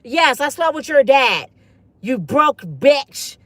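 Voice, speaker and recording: A woman's voice: high-pitched, very animated, takes it slowly, fairly bright tone, dry recording, heavily acted. A woman voicing a suspicious, confrontational neighbor woman who accuses and taunts. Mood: taunting.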